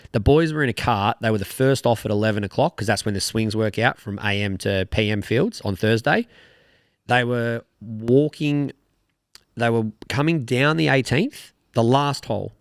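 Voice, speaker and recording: A young Australian guy co-hosts a podcast, chatting in a loose, rambling, easygoing manner and dropping the occasional swear word. His voice sits in the mid range, and the recording is dry with studio-quality sound.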